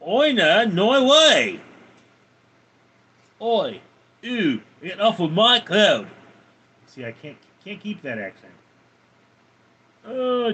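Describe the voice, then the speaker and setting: This livestreamer reads viewer comments out loud and gives offhand answers in a casual stream from his home, his cats nearby. He has a slightly high voice with a fairly bright tone, and there's slight background noise.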